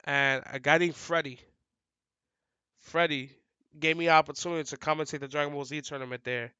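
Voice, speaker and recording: A man's voice: a little high, a little fast, clear, resonant tone, no room sound, dull audio. A young adult man, an esports commentator, telling stories in a casual, slangy interview chat. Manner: animated and slangy, many "like" fillers; describes himself as loud and outgoing.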